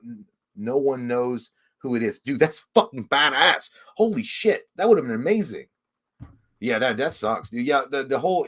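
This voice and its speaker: A man's voice: medium pitch, a bit bright. A man co-hosting a casual livestream, reading viewer chat aloud and answering it in a loose, rambling way, swearing freely and chuckling often.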